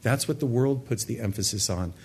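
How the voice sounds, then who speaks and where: A man's voice: medium pitch, a little fast, darkish tone, slight background noise. A man preaching a sermon to a congregation in a church, earnest and emphatic, often repeating words for stress. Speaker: pastor. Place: church sanctuary with a live congregation.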